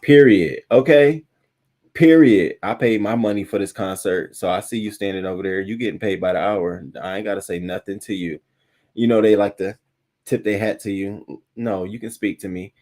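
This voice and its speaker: A man's voice: deep voice, steady tone, fairly quick, a little mellow. A man hosting a casual live-stream news show, talking bluntly with plenty of profanity and reading viewer comments aloud.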